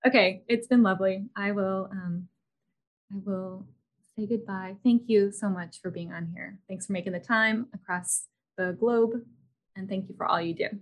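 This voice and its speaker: A woman in her thirties hosts a podcast, speaking at a middle pitch. She talks casually and loosely, with plenty of fillers and restarts. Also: steady tone, normal speed. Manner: chatty, many fillers and restarts. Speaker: podcast host. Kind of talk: casual interview chat.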